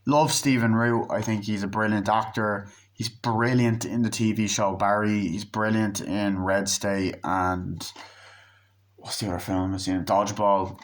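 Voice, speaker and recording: A man's voice: on the low side, flat delivery, a little slow. A man giving a casual, rambling film review, swearing freely and losing his train of thought. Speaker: movie reviewer.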